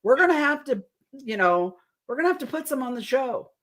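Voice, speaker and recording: A woman co-hosting a paranormal talk stream, telling stories excitedly with frequent laughter and casual swearing. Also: high voice, fairly quick. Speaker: paranormal investigation podcast co-host. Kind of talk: casual chat.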